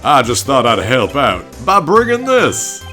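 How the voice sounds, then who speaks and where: A hearty middle-aged police chief with a broad southern drawl, as a man puts him on for a game playthrough. He booms out his words with a bright, forceful ring, and his pitch rolls up and down with easy, overfamiliar charm. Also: huge pitch swings, unhurried, soft background music, heavily acted. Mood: smooth. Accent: American Southern (put on). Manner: folksy, booming, hands out nicknames.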